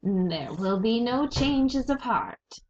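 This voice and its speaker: A woman reading aloud voices a cruel, contemptuous male rat villain from a storybook, speaking slowly and coldly. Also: a little high, lively intonation, pitched above the performer's own voice. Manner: slow, cold, contemptuous. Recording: dull lo-fi recording.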